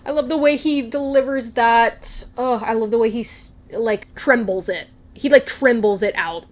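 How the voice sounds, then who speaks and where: A woman's voice: a little high, normal speed. A young woman vlogger chatting casually and gushing as she recaps a TV episode, slipping into quoted lines. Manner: gushing, animated, quotes characters in voices.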